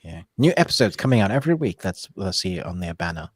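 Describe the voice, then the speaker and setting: Uk guy on a movie show, lowish voice, dry close sound, loves to disagree. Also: very animated, breathy edge, no room sound. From United Kingdom. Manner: playfully contrary, quick opinionated bursts. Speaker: movie podcast co-host. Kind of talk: casual live chat.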